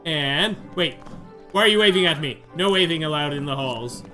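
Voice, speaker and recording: Let's-play host, male, high bright voice, excitable and chatty, game music faint underneath. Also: normal speed. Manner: chatty, excitable, narrating his own moves. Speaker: gamer doing a playthrough. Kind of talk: casual let's-play commentary.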